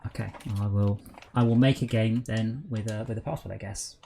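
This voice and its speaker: A man's voice: on the low side, steady tone, brisk, vocal fry, warm tone, a little hiss or hum. A man hosting a casual gaming stream, chatting and rambling aloud with lots of fillers while he sorts out game problems.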